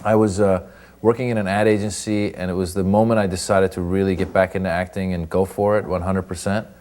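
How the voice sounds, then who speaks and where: A man in his thirties with a fairly low voice tells stories in a relaxed interview. He slips into other voices as he goes, animated and playful. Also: quick pace. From Iran. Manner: animated storyteller who acts out voices. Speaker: comedian and actor interviewed. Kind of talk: casual interview chat.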